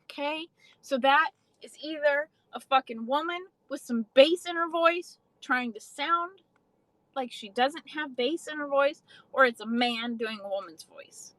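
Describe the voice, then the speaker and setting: A woman's voice: high-pitched, measured pace, fairly bright tone, dry recording, rough recording. A young adult woman casually chatting on a livestream, swearing freely and answering viewers' comments. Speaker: livestream host.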